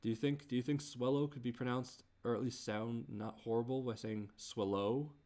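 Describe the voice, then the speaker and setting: A man thinking aloud while he composes, muttering in halting restarts and groaning at himself. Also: mid-range voice, fairly even intonation, darkish tone. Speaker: creator working on a song.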